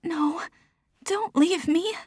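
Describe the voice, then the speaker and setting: A woman's voice: high-pitched, takes it slowly, dark tone, no echo, clean studio sound, pitched above the performer's own voice. A woman voicing a tearful teenage witch girl. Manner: choked, pleading, tearful.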